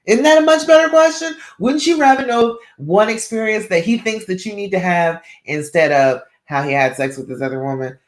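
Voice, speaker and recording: A woman's voice: on the low side, normal speed, few pauses. A woman relationship coach giving direct advice on a live stream, often checking in with her listeners. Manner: direct, keeps checking in with "all right?". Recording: roomy echo.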